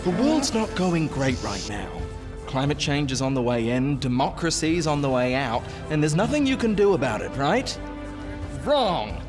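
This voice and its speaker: Punchy New host over music. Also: male voice, a little high, sing-song, normal speed. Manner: punchy, rhetorical. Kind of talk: scripted presenting. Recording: music underneath.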